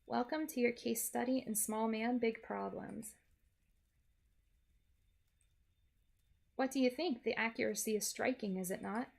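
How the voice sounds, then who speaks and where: A woman's voice: on the high side, steady tone, normal speed, creaky, a little mellow. A woman voicing a pompous, grandiose small male villain while reading a game aloud. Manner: pompous, theatrical.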